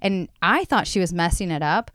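Enthusiastic woman co-host with a lowish voice, rambling, dry close recording. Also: expressive, moderate pace, a bit bright, dry recording. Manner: rambling and enthusiastic, restarts often, gushes. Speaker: podcast co-host. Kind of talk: casual chat.

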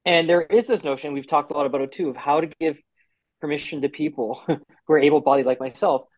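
A man giving an interview about a TV series he works on, talking with lively restarts and acted-out quotes. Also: fairly high pitch, dry recording, rough recording. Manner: animated, quick restarts and quoted asides.

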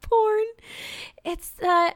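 A woman's voice: extremely high pitch, steady tone, drawn-out words, no room sound. A woman co-hosting a podcast in casual chat, rambling with lots of fillers and casual swearing. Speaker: podcast co-host.

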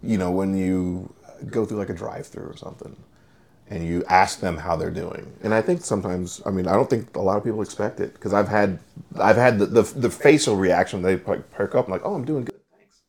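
A man with a very low, gravelly voice chatting on a podcast. He rambles through his stories, full of fillers and restarts. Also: fairly quick, a little mellow. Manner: rambling, filler-heavy storytelling. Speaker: podcast co-host. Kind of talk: casual chat.

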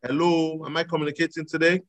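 Male preacher, high voice, animated, loud exclamations and soft asides, live sermon. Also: fast talker, low-quality recording. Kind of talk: sermon with audience call-and-response.

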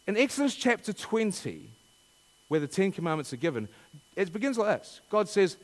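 A man's voice: sits high, very animated, normal speed, long reverb tail. A man preaching a sermon, asking rhetorical questions and reading scripture dramatically.

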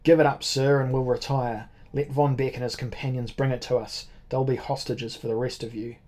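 A man's voice: medium pitch, little pitch movement, moderate pace, darkish tone, lightly acted. A man doing a mocking French captain calling out. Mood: demanding. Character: suave French revolutionary captain, grown man.

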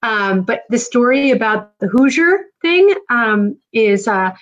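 A woman's voice: fairly high pitch, lively intonation, slow, dull audio. A middle-aged woman from New Jersey hosting a live stream, chatting casually and rambling with lots of fillers. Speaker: podcast host.

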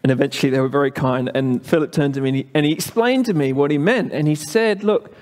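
An English man giving a sermon as pastor, telling a story in a chatty, halting way with many fillers. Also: fairly high pitch, a little mellow, big-room sound. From England.

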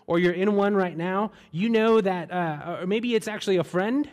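A man preaching a sermon, telling a story in a relaxed way and asking repeated rhetorical questions. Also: high-pitched, moderate pace.

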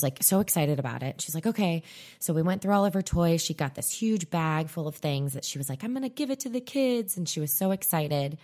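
A woman's voice: low-pitched, darkish tone. A woman in her thirties co-hosting a podcast, telling stories in a dry, self-mocking casual chat. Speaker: podcast co-host.

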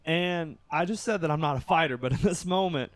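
A man from Kentucky, a podcast guest telling a story in casual talk, swinging from loud bursts to hushed, low stretches. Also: a little fast, dry recording.

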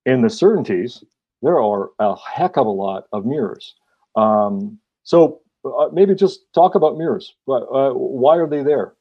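Brief: male interviewer, halting and thoughtful, mid-pitched, dull lo-fi sound. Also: lively intonation, slightly rough. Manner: halting, thoughtful, many hesitations. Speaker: interviewer, fellow writer. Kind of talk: casual interview.

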